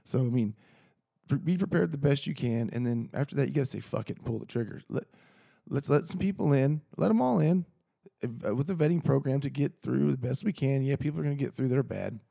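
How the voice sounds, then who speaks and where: A man's voice: mid-range voice, a little fast, creaky, mellow, no room sound, clean studio sound. A man hosting a casual solo podcast, rambling and heated, swearing freely. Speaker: podcast host.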